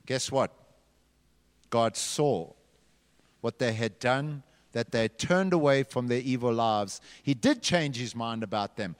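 Animated man telling a Bible story. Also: medium pitch, clean tone. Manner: animated, dramatic, directing the group. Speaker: children's church leader. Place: large hall. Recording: long hall reverb.

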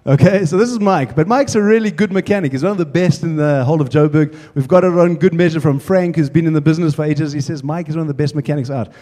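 A man preaches through a casual, chatty anecdote, relaxed and conversational with his congregation. His voice is mellow and somewhat high, carrying a long reverb from the church hall. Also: fast talker, few pauses. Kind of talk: sermon storytelling. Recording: echoey hall.

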